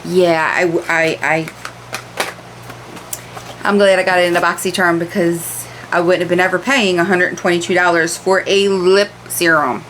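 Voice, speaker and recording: A beauty vlogger chats casually while unboxing beauty products under a ring light, candid and repeating words for emphasis. Her voice is fairly low and fairly bright, with little pitch movement, at normal speed. The recording is rough, with a little hiss or hum.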